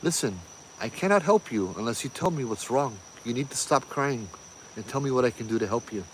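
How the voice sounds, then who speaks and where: A man playing a gentlemanly traveling merchant, his voice pushed higher and urgent. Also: lively intonation, fairly quick, slight background noise, lightly acted. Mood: stern. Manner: raised, pleading then yelling.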